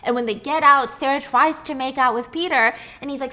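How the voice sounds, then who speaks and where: A woman casually recapping a story, animated and joking, with some swearing. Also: sits high, a little fast.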